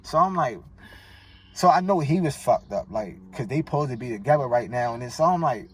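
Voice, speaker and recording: An expressive Baltimore-accented man, speaking a little fast at medium pitch, shares a personal story as a guest in a casual chat. His telling is slangy, emotional, and rambling, and the faraway mic adds faint noise.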